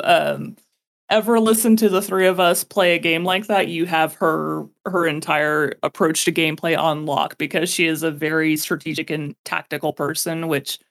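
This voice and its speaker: A woman co-hosting a podcast, chatting casually in an articulate, expressive way. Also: deep voice. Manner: articulate, expressive, bursts into laughter. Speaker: podcast co-host. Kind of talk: casual chat.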